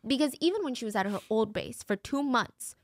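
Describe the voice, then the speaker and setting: A woman's voice: on the high side, lively intonation, fairly quick, no room sound, clean studio sound. A woman host narrating a true crime case in a conversational, emotionally invested way.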